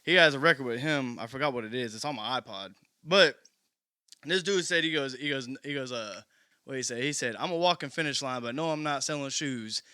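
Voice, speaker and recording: A man in casual podcast chat, telling animated stories and laughing as he quotes others. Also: mid-range voice, a little fast, clear, resonant tone, no room sound, clean studio sound. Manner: animated storyteller, laughs while quoting others.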